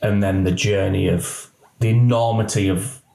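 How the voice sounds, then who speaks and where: A man's voice: on the low side, steady tone, moderate pace, creaky, mellow, roomy sound, low-quality recording. A man, a former police officer telling his story in a candid podcast interview and acting out the dialogue.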